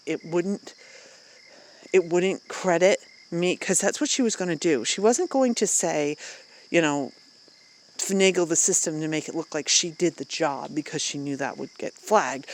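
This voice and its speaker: Talking to the camera in a casual personal vent, an adult vlogger rambles candidly, stumbling over fillers and restarts, laughing often, and getting louder and more emphatic when annoyed. The voice is mid-range, with a little hiss or hum in the audio.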